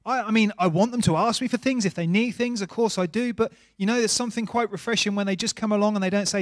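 A middle-aged man preaching a sermon in a church, earnest, dropping to a hush and rising to emphasis. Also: sits high, steady tone, fast, hardly any pauses, no room sound, studio quality. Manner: earnest, varies volume from soft hush to emphatic. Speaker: pastor.

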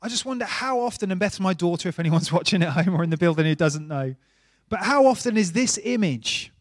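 A middle-aged man preaching a sermon in a church, earnest, dropping to a hush and rising to emphasis. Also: on the high side, dry recording, clean studio sound. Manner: earnest, varies volume from soft hush to emphatic. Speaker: pastor.

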